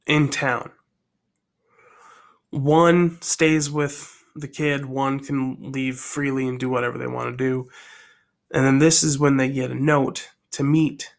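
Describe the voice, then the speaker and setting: A man casually telling his own story idea aloud, rambling and thinking out loud as he goes. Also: mid-range voice.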